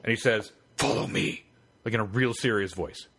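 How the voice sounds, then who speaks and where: A man's voice: fairly low pitch, fast talker, fairly bright tone. A man co-hosting a podcast, telling a long, rambling and profane story in casual chat. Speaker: podcast co-host.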